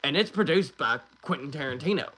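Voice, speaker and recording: A man's voice: on the high side, expressive, brisk, fairly bright tone. A man hosting a livestream, chatting casually, swearing and laughing between rambling remarks. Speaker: livestream host.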